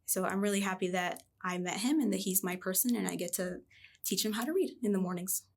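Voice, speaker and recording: A woman in her thirties, a reading coach, chatting in a podcast interview and telling stories with a lively, expressive voice. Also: mid-range voice, a little fast, husky. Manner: animated storyteller, lively voice jumps.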